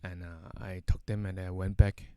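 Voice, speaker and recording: A man's voice: sits low, flat delivery, moderate pace, mellow, clear, resonant tone, dry recording. A man telling a casual anecdote, rambling with many fillers and tag questions. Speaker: storyteller.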